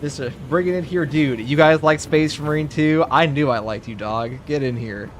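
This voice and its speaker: A man's voice: a little high, normal speed, a little hiss or hum. A man streaming a game, chatting casually and rambling with jokes and fillers. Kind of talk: casual live-stream chat over gameplay.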